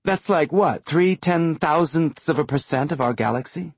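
A man's voice: a little high, moderate pace, slightly rough, no room sound, voice pushed up. A man voicing a laid-back pilot under fire in an audiobook, easygoing and joking.

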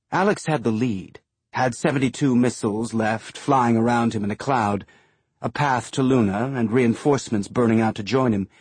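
A man narrating a science-fiction audiobook in a measured, even storytelling manner. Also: mid-range voice, husky, no room sound.

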